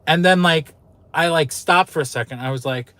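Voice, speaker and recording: A man's voice: on the high side, moderate pace, sharp tone, dry recording. Man, channel host; loose vlog storytelling, candid and emotional, swears freely.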